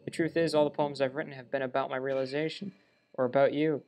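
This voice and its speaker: A man's voice: medium pitch, little pitch movement, fast, a little mellow, lightly acted. A man playing through a game and reading a lovestruck young woman character's lines aloud in his own voice, with small stumbles along the way. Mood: sweet. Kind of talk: let's play reading game dialogue aloud.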